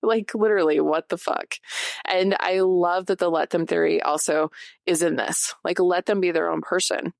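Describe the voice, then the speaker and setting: A woman's voice: lowish voice, steady tone, moderate pace, creaky, dry recording, clean studio sound. A woman in her forties hosting a podcast, talking casually and confessionally to her listeners with lots of fillers. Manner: chatty, many "like" fillers, confessional. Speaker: podcast host. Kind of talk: casual personal talk to listeners.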